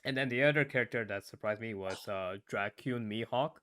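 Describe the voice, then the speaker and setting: A man with a fairly low voice chats casually on a podcast. He retells a story with animated asides, jumps into other voices for the lines, and keeps tossing in "man" and "right?". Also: fairly quick, clear, resonant tone. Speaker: podcast panelist. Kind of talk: casual podcast review chat.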